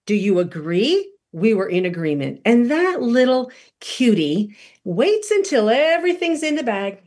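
Breathy mother telling parenting stories. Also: fairly high pitch, measured pace. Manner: animated, acts out her children's voices. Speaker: parenting panel speaker. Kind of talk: storytelling parenting advice.

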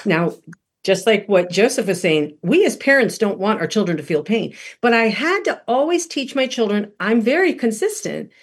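A woman's voice: mid-range voice, normal speed, slightly rough. A middle-aged woman, a guest on a podcast, telling parenting stories and acting out what was said in her own voice. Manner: animated storyteller who acts out quotes. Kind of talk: storytelling talk.

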